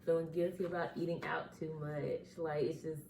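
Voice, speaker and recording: Woman guest, low voice, candid casual talk, distant mic in an echoey room with faint background noise. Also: flat delivery, normal speed, vocal fry, darkish tone. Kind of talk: casual chat.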